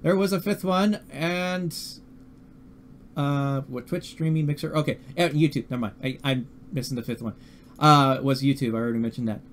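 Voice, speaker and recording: A man's voice: mid-range voice, a little hiss or hum. A man hosting a live-streamed talk show, speaking casually and often stumbling over his words. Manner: halting, repeats words and restarts. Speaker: podcast host.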